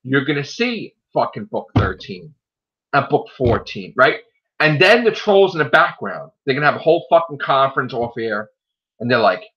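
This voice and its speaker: A man hosting his online show, talking in a loud, profane, animated rant in casual chat. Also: mid-range voice, normal speed. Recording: dull lo-fi sound.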